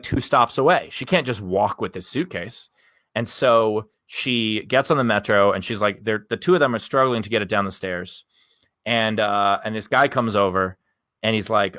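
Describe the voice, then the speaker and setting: A man's voice: on the low side, fairly bright tone, no room sound, clean studio sound. A male comedian telling a long story on a podcast in a candid, rambling way and swearing casually. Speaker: guest comedian.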